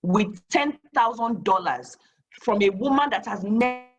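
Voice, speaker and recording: A woman tells a lively motivational story, acting out conversations and adding preacher-like blessings. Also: medium pitch, unhurried, soft background music. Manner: animated, acts out dialogue, preacher-like blessings. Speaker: guest speaker.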